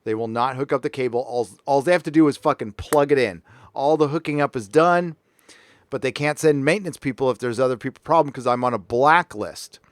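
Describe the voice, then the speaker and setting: A middle-aged podcast host runs a casual panel show from his home recording room, animatedly telling a story and swearing freely. His medium-pitched voice moves a little fast, and the recording is dry.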